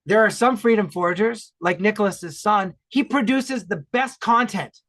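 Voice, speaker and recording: High-voiced, enthusiastic Ontario man. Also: moderate pace. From Ontario, Canada. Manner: enthusiastic, animated, loud talker. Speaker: podcast guest. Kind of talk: casual podcast chat.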